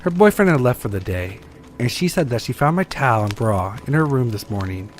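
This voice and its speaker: A man reading scary stories aloud with a steady storytelling delivery that slows for tense moments. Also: mid-range voice, slight background noise. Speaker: story reader.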